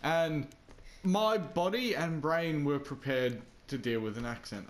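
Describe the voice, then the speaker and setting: Aussie guy rambling through a story while gaming, kinda high voice, keeps getting sidetracked. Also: a little slow. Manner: rambling, self-deprecating, easily sidetracked. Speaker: gaming vlogger. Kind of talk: casual storytelling while playing a game.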